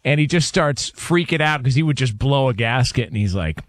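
A man's voice: medium pitch, lively intonation, moderate pace, dry recording. A man co-hosting a sports talk show, telling stories in a casual, laughing manner. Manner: storytelling, laughing often. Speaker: sports podcast co-host. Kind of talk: casual chat.

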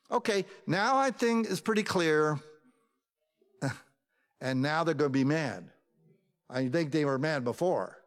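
Preaching man in a reverberant hall. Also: slow. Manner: expressive preaching, drops low for asides and rises for scripture. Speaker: pastor. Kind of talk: sermon.

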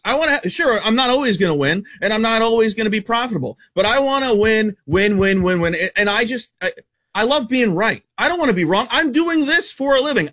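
A man working as a sports betting analyst, rattling off baseball stats quickly and bluntly on a radio show. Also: high-pitched, a bit bright. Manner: rapid stat-heavy, emphatic and blunt.

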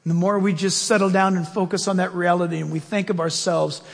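A male pastor preaching a sermon with animated delivery, moving between loud raised bursts and low quiet asides. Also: brisk, creaky. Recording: long hall reverb.

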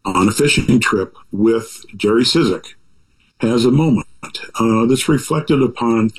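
A man's voice: medium pitch, unhurried, rough recording. Older man musing like a father. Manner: rambling, with many asides and restarts; reflective, fatherly. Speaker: author guest. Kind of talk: casual interview talk.

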